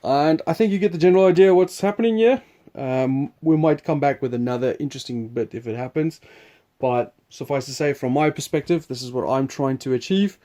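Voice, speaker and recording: A man's voice: medium pitch, fairly quick, warm tone. A man hosting a board game preview, explaining the game in a rambling, chuckling, casual way. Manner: rambling, chuckling, restarts sentences.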